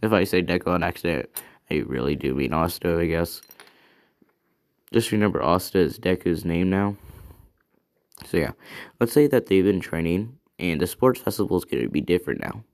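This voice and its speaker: A man's voice: sits low, expressive, normal speed, long pauses, darkish tone. A man improvising a fan story in a casual, rambling way, thinking aloud and correcting himself as he goes.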